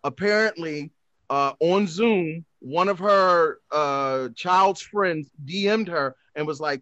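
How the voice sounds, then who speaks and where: A man's voice: a little high, takes it slowly, bright, forceful tone, muffled recording. A man hosting a podcast, bantering and laughing with crude jokes in casual chat. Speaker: podcast host.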